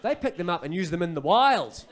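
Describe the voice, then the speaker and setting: A man's voice: high voice, a little fast, some chatter behind. New Zealand comedian in his thirties. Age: 30s. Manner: animated, acts out kids and parents. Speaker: stand-up comedian. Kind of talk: stand-up comedy set. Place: comedy club stage.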